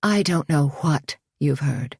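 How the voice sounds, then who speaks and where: A caustic, haughty boutique owner who huffs and snaps her lines, as a woman reading the story puts her on. Her voice sits low and the pace is slow. The recording is close and dry. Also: animated, vocal fry, a little mellow, breathy edge, dry recording, full character voice. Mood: huffy. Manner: huffy, curt.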